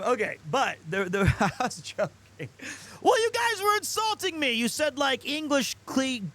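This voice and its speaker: With a high, slightly bright voice, a man gives casual live-stream commentary on a game, chatting and joking with his viewers and often cracking up. There's noticeable background noise in the recording.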